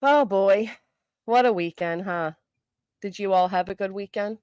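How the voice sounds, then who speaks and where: A middle-aged woman hosting a live stream, chatting casually with viewers, greeting them by name, and talking fast and loud. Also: mid-range voice, clean tone, no room sound. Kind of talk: casual live chat, reading comments.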